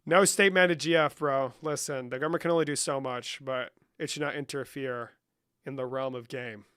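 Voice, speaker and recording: Young man, streamer, bright tone, dry close sound, joking and profane, reading chat. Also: mid-range voice, fairly even intonation, moderate pace, clear, resonant tone, no echo. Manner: joking, trolling, profane banter. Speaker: livestream host. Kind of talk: casual livestream chat reading comments.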